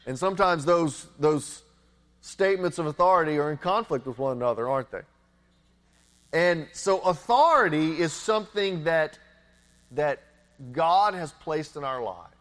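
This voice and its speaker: A man with a high voice preaches a sermon from the pulpit. He talks earnestly, doubling back on words and putting rhetorical questions to his listeners. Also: animated, moderate pace, fairly bright tone. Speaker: pastor.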